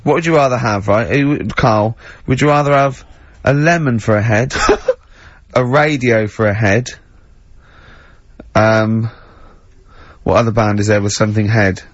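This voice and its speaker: A man's voice: fairly low pitch, fairly even intonation, a little slow, dry recording, dull audio. A man hosting a casual radio show, teasing and laughing as he talks, hungover. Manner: teasing, laughs often, mock-exasperated.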